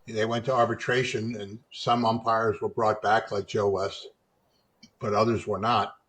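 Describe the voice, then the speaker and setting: A middle-aged man, a guest attorney, talking in a measured, halting way with frequent pauses and fillers as he is interviewed. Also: fairly low pitch. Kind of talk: conversational interview.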